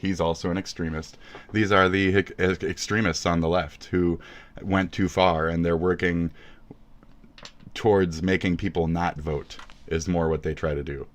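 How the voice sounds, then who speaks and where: A man hosting a livestream, ranting with lots of cursing, swinging between yelling and muttering. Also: low-pitched, little pitch movement, normal speed. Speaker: livestream host.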